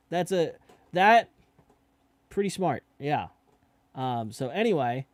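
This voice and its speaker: A man's voice: on the high side, very animated, slow pace, long pauses, no echo. A young man talking casually as he reacts to a musical, swearing now and then and often asking "you know what I mean?". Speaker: reaction video host.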